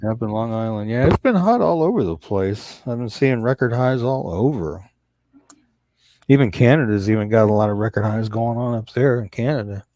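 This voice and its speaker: A man from Kansas hosting a casual podcast live stream, easygoing and reading out viewer shout-outs. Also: medium pitch, expressive, normal speed, dry recording. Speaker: podcast host.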